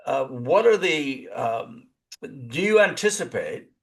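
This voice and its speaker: A man, a professor, interviewing in a webinar, halting with many uh's and restarts. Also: medium pitch, sing-song.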